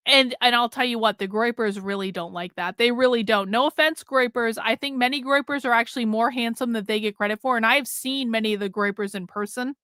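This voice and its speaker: A woman's voice: on the high side, pushed and bright, no room sound, clean studio sound. A middle-aged woman hosting a livestream, talking in a blunt, chatty way and laughing often. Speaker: livestream host. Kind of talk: casual livestream commentary.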